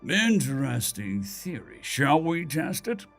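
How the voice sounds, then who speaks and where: Man voicing fallen angel ruler, male, sibilant, seductive, haughty, menacing, lively pitch. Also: takes it slowly, vocal fry, soft background music, full character voice. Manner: languid and haughty, formal old-fashioned phrasing.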